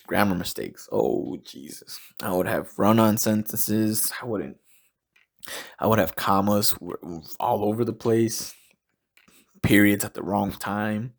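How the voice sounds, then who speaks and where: A young man talks alone on his podcast in a low, gravelly voice with a husky edge. He rambles and swears freely, and he often laughs at his own jokes. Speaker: podcast host. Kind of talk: casual solo podcast monologue.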